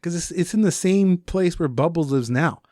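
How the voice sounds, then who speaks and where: A young man on a casual podcast, telling a story with lots of swearing and acting out the lines he shouted. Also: a little high, moderate pace, no echo, clean studio sound. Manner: profane animated storytelling, acts out shouted quotes. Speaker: podcast co-host.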